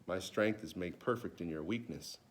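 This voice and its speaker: Low-voiced man giving halting testimony. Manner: halting, repeats words, drops to near whisper. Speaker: testimony speaker. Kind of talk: personal faith testimony.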